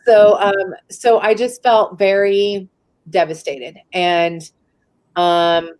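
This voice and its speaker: A woman's voice: mid-range voice, steady tone, slow pace, darkish tone. A woman from the San Francisco Bay Area, a guest in a live interview, tells a personal story in a casual, candid way. She often says "like" and swears freely.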